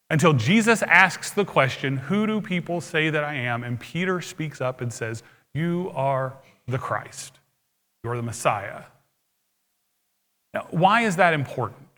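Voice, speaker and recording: Bright-voiced male preacher in a reverberant hall. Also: fairly high pitch. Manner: conversational, explaining scripture plainly. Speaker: pastor. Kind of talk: sermon. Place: church sanctuary.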